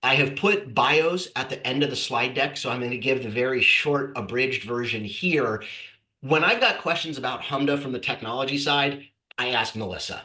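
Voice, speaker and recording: A man's voice: mid-range voice, sharp tone, reverberant, poor audio. A man hosting a webinar, upbeat and conversational, his voice nasal and congested from a cold. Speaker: host and company president. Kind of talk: webinar presentation.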